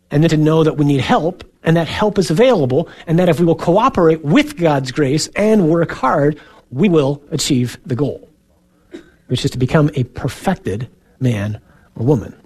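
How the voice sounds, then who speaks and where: A male priest giving a sermon in an earnest, conversational way, with soft asides. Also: on the high side, lively intonation, normal speed.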